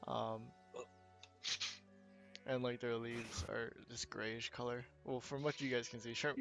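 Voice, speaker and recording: A young man narrates as game master of an online tabletop game, his voice gravelly with fry. He talks loosely and hesitantly, with frequent ums, over faint music. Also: mid-range voice, fairly bright tone. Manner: casual, hesitant with many ums.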